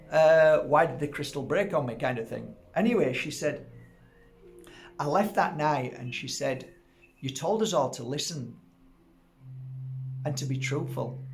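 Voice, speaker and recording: A middle-aged man with a mid-range voice, a crystal healer, tells a personal story in a casual, animated way. He acts out what people said and laughs at himself.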